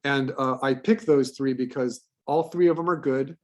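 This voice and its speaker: A man's voice: medium pitch, moderate pace, lo-fi sound. A man teaching a class, talking through a worksheet in a loose, rambling way with many fillers and repeated words. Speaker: voice acting teacher. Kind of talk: classroom lecture.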